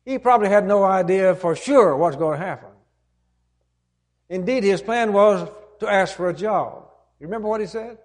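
Brief: a preacher with a fairly high voice, earnest and emphatic, retelling a parable in a sermon. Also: male voice, normal speed.

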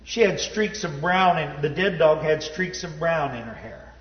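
During a sermon, a man shares a personal story in a folksy, self-deprecating way, his voice expressive and unhurried, sinking to a low hush at the sad moments. The recording has roomy hall reverb and a dull sound.

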